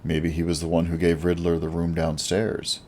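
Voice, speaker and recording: A man reads a first-person action story aloud with a wry, lively storyteller's delivery. His voice is very low and sits deep in the chest. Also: normal speed, slight background noise. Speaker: audiobook narrator. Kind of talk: first-person audiobook narration.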